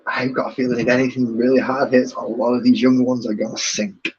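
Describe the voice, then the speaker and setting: A man's voice: mid-range voice, little pitch movement, fast talker, darkish tone, a little hiss or hum. A man in his forties with a British accent, chatting bluntly and grumbling while painting on a stream. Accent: British English. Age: 40s. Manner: blunt, swears freely, grumbling. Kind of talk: casual chat. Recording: muffled lo-fi audio.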